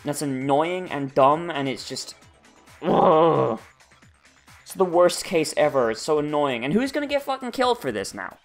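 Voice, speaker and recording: A man's voice: fairly high pitch, sing-song, a little fast, hardly any pauses, faint music behind. A man casually and profanely commenting on a video game he is playing, rambling and exasperated. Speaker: let's play host.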